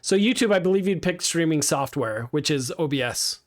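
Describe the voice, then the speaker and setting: A man teaching a game streaming class live, walking through software setup in a casual, upbeat way with many ums and restarts. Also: fairly high pitch, animated, a little fast.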